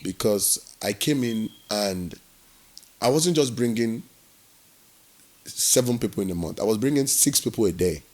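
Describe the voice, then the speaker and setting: Animated storyteller. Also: male voice, lowish voice, a little slow, pauses often. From Nigeria. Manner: animated storyteller who acts out quoted dialogue. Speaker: guest. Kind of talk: storytelling interview.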